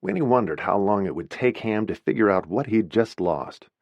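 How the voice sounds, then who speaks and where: Man narrating a novel, lively low voice. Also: moderate pace, vocal fry, no echo, highs cut off. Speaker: audiobook narrator.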